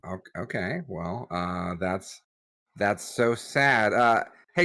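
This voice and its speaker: A man's voice: lowish voice, takes it slowly, bright, forceful tone. A man playing in a casual tabletop game, who speaks hesitantly with many fillers and jokes around. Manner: hesitant, joking, full of fillers. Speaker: player. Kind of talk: casual tabletop role-play.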